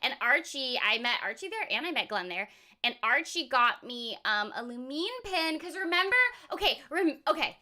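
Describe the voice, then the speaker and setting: A bubbly woman game streamer chats with her viewers in a very bright, high voice. Her pitch bounces all over the place, and she rambles and restarts between giggles and scatted filler sounds. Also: lively intonation, normal speed. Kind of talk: casual live-stream chat with viewers.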